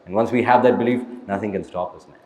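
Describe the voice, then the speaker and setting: Male actor at a live Q&A, blunt and motivational, keeps asking "right?"; low-pitched, hall echo. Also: fast, darkish tone. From India. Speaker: actor interviewee. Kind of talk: live audience Q&A. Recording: echoey hall, long reverb.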